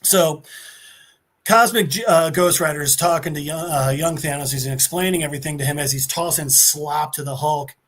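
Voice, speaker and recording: A man's voice: on the high side, moderate pace, a little hiss or hum. A man co-hosting a podcast, animatedly recapping a comic book in a casual way, often slipping into character voices. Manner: animated storyteller, slips into voices. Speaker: podcast co-host.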